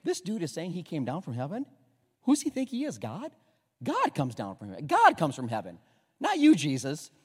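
A man's voice: on the high side, huge pitch swings, moderate pace, darkish tone, breathy edge, heavily acted. A man voicing a scoffing small-town neighbor who mocks and dismisses, speaking in an echoey hall. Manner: mocking, sneering, exaggerated.

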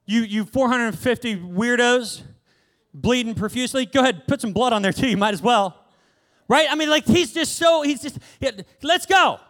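A man's voice: extremely high pitch, animated, moderate pace, a bit bright, voice pushed up. A man playing a confident prophet who orders his helpers around in an acted sermon skit, brash and teasing. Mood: bossy, confident.

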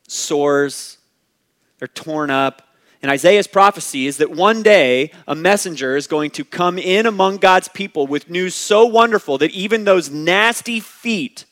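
A man preaching a sermon, reading scripture and explaining it, with emphatic rises and quiet asides. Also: fairly high pitch. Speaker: pastor.

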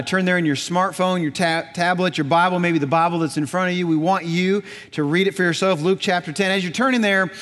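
A man's voice: sits high, fairly bright tone, in a large hall. A man in his thirties, a pastor preaching a folksy, storytelling sermon in a church. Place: church sanctuary.

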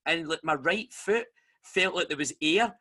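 Bright, animated Scottish man telling a story. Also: on the high side, unhurried. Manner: animated storytelling, acts out quoted voices. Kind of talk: casual chat.

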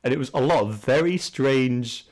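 A man's voice: mid-range voice, normal speed, darkish tone. A man co-hosting a podcast in casual chat, chatty and self-mocking, laughing often. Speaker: podcast co-host.

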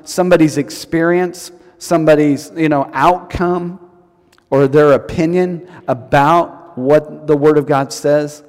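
A man's voice: a little high, a little mellow, big-room sound. A man preaching a sermon as pastor, telling stories and repeating key lines for emphasis. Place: church service.

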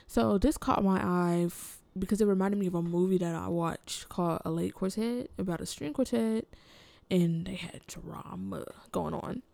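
A woman co-hosting a podcast, sharing news in a relaxed, chatty way with many hesitations. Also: medium pitch, normal speed, vocal fry, few pauses, no room sound. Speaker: podcast co-host. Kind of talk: casual podcast chat.

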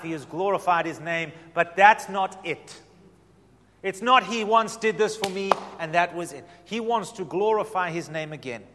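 Impassioned male preacher in a reverberant hall. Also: a little high. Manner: impassioned preaching, swinging from loud to soft. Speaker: pastor. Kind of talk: sermon.

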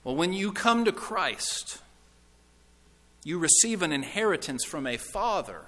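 A man's voice: a little high, pushed and bright. A man preaching a sermon with earnest, emphatic questions to his congregation. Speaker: pastor. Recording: reverberant hall.

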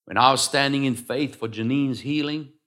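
A man preaching a sermon, swinging between loud declarations and quiet asides. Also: mid-range voice, steady tone, normal speed. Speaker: pastor.

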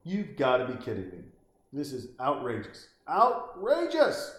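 This man swears his way through a funny running commentary on a movie, ridiculing the characters, ranting, and doing little voices with lots of animation. His voice is mid-range, his pace moderate, and the room sounds echoey.

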